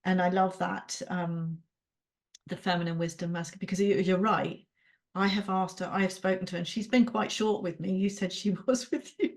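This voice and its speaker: A woman with a lowish voice speaks at a moderate pace and fairly even intonation. She's a podcast co-host and coaching client, chatting candidly and emotionally, swearing freely and laughing often.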